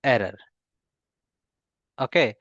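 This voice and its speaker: A man teaching a live coding class, halting with fillers and restarts, often putting questions to his students. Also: medium pitch, expressive, a bit bright, no room sound, lo-fi sound. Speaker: instructor.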